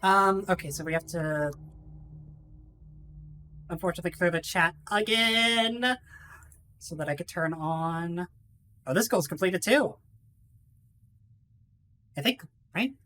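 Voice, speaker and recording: A woman's voice: fairly low pitch, lively intonation, takes it slowly, long pauses, a bit bright, a little hiss or hum. A woman streamer chatting casually to her viewers while gaming, swearing freely and laughing often. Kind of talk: casual live-stream chat.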